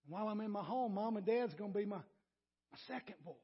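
A male pastor preaches to his congregation with a strikingly high, raspy voice, repeating himself as he builds a point. He calls on listeners by name and moves between near-whispered asides and loud, emphatic lines. The recording is muffled and lo-fi. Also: expressive, fairly quick. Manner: swings from quiet to loud and emphatic. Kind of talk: sermon.

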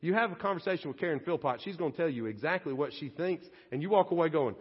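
A man's voice: fairly high pitch, lively intonation, quick pace, hardly any pauses, breathy edge. A man preaching a sermon as pastor, folksy and conversational, acting out little everyday scenes. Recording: dull lo-fi audio with long church reverb.

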